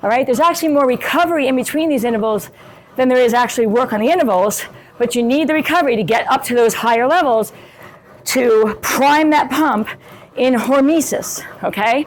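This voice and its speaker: A woman's voice: high-pitched, a little fast. A middle-aged woman fitness coach explaining workout intensity in a casual, chatty way while demonstrating on an exercise bike, often checking in with the viewer.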